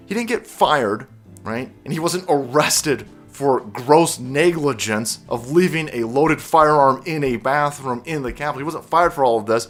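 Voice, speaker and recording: A man's voice: mid-range voice, animated, normal speed, soft background music. Profane, heated male commentator. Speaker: online commentator. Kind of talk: political commentary rant.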